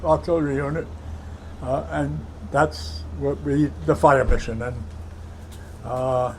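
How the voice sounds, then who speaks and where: A man in his nineties from Brooklyn, recounting his war memories in an interview, halting with many fillers and heartfelt. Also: medium pitch, flat delivery, slight background noise, rough recording. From Brooklyn, New York. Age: 90s. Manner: heartfelt, emotional recollection. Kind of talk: oral history interview.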